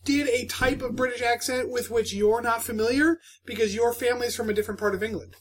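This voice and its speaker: A man's voice: extremely high pitch, fairly even intonation, fast, a bit bright. A man co-hosting a book podcast, chatting casually with dry, teasing banter. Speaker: podcast co-host. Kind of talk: casual chat.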